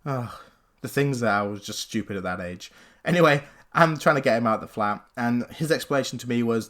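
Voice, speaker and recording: Young male YouTuber, casual story time; animated, chatty, middle-range voice. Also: medium pitch, brisk. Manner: animated, chatty, leans on "literally". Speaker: gaming YouTuber.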